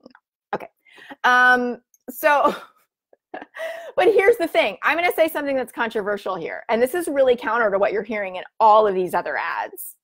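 A woman's voice: fairly high pitch, animated, fairly quick, a bit bright. A woman in her thirties hosting a casual livestream, chatting eagerly and reading out viewer comments with lots of fillers. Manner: bubbly, chatty, filler-heavy. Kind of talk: casual live-stream chat.

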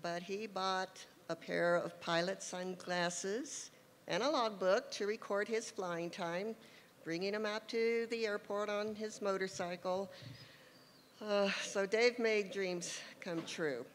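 A woman giving a heartfelt, halting tribute speech at an award show. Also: mid-range voice, steady tone. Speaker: inductee's wife giving a tribute. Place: large hall at an award show. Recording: reverberant hall with faint noise.

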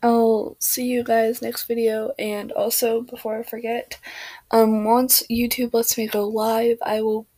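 A tired woman, an ASMR creator, rambling softly and half-whispering as she signs off to viewers. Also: on the high side, level tone, unhurried, no echo. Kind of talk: casual outro to viewers.

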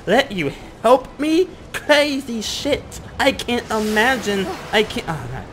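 A man's voice: sits high, very animated, measured pace, noisy background. A man giving let's-play commentary, exclaiming, swearing and mocking what happens on screen. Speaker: gaming commentator.

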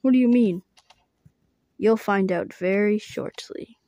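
A woman telling a playful homemade role-play story, voicing every character herself, switching between excited yelps and flat, deadpan asides. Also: medium pitch, slow pace, no echo, dull audio.

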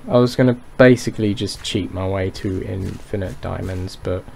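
A man's voice: deep voice, moderate pace, creaky, a little mellow, a little hiss or hum. A man casually talking through his game as he plays, rambling and poking fun at himself, with a dry throat. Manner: rambling, self-mocking, thinks aloud. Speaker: gaming YouTuber. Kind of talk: Minecraft let's play commentary.

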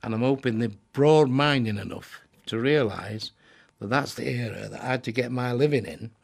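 Older man, from England, gravelly, mid pitch, blunt, chatty, interview. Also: moderate pace. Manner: blunt, chatty, repeats himself, acts out joke voices. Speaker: comedian interviewed. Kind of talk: interview talk, telling jokes.

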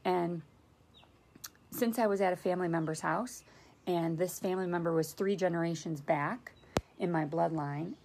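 An earnest woman talking casually about faith and dreams to her viewers. Her voice sits low and has a gravelly, husky edge. She moves easily between personal chat and reading scripture aloud. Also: normal speed, darkish tone. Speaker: faith video host.

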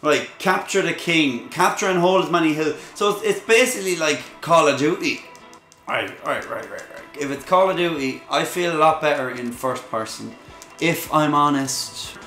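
A young Irish man giving excitable, casual commentary while streaming a game, with sudden loud shouts and laughs and casual swearing. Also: on the high side, normal speed, roomy sound, soft background music.

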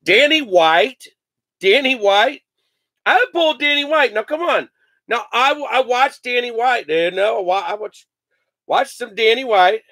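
A man's voice: very high voice, expressive, a little slow, bright, forceful tone, no room sound. A man hosting a live sports card break, joking, laughing and rattling off player names as he opens packs. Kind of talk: casual live card-opening chat.

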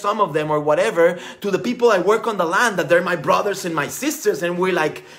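A middle-aged man gives a motivational coaching talk. His voice sits a little above the usual male pitch and climbs when he gets excited. He talks earnestly, with lots of "like" and "you know". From Costa Rica. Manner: animated and earnest, with many fillers and laughs. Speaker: spiritual coach.

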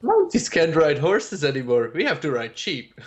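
A man's voice: a little high, huge pitch swings, normal speed. A man streaming a game and chatting casually, joking around and laughing often. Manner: joking, laughs often, sings silly bits. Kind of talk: casual chat while gaming.

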